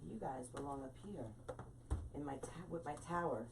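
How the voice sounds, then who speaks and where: A woman's voice: deep voice, moderate pace, background noise. A talkative woman hosting a live-stream wreath-making tutorial, chatting with viewers and greeting them by name.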